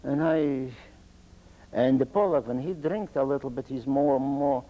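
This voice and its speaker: An older man from Poland with an Eastern Polish accent, telling his own life story in halting, broken English. He often stops and restarts his sentences. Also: mid-range voice, lo-fi sound. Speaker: interviewee. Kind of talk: oral history testimony.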